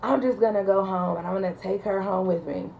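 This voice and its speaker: A woman's voice: mid-range voice, fairly quick, creaky, roomy sound, lo-fi sound, a little hiss or hum, natural voice. A woman mimicking a rude, exasperated adult male caller who keeps sighing heavily and whining his complaints. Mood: indignant. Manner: heavy sighing, whiny complaining.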